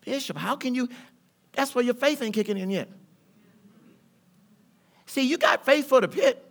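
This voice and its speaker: Male pastor, middle-aged, high and bright voice, fervent rhythmic sermon. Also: moderate pace, gravelly, pauses often. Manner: preaching with rising fervor, colloquial and rhythmic. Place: church sanctuary.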